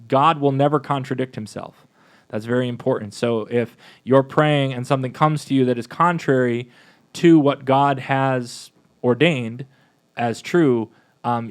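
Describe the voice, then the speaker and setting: A man co-hosting a parish podcast, chatting casually in a rambling way with many fillers and restarts. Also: mid-range voice. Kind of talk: casual chat.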